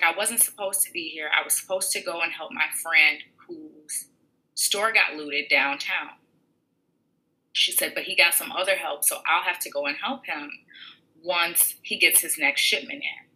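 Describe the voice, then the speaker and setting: A woman tells a story from her own life and acts out each exchange as she goes. Her voice sits a little low but has a very bright, forward tone. The retelling stays lively throughout. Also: rough recording. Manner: animated retelling with quoted voices. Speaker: podcaster telling a personal story. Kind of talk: personal storytelling.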